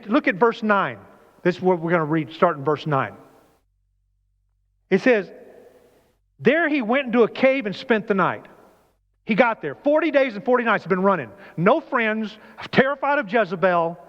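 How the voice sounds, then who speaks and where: A man preaching a conversational sermon in a church, often asking the congregation questions. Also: high voice. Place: church sanctuary. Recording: dull lo-fi church recording with long reverb.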